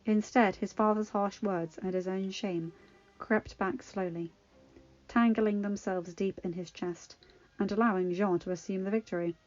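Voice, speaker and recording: A woman's voice: mid-range voice, no room sound. Woman narrating a story over faint music. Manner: measured, expressive narration. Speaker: fanfiction reader. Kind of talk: audiobook-style story reading. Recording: dull lo-fi recording.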